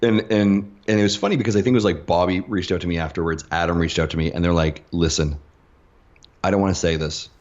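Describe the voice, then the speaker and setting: A Canadian man chatting as a podcast guest, fast and chatty with stumbling restarts, over dull lo-fi audio. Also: low voice, fairly even intonation, a little mellow. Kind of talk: casual chat.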